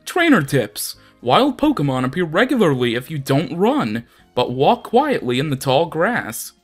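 Young male gaming host, casual and rambling, lively swings in pitch. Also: unhurried, soft background music. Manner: chatty, rambling, self-deprecating. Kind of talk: casual let's play commentary.

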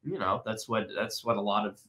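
A man's voice: fairly low pitch, fairly quick, bright, forceful tone. A young man, an actor, talking casually over a video call, rambling with restarts and frequent laughs. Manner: rambling, hesitant, laughs often. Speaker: actor interviewing with his father. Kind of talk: casual conversational interview.

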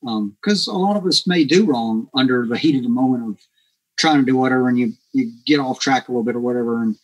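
A man's voice: medium pitch, quick pace, poor audio. A man guest on a podcast, telling a story casually and acting out the dialogue with lots of energy. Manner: animated, acts out quoted dialogue.

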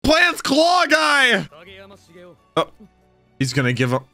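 Excitable young man reacting to anime. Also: sits high, a little slow, faint music behind. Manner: excitable, emotional, says bro a lot. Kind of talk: casual reaction commentary.

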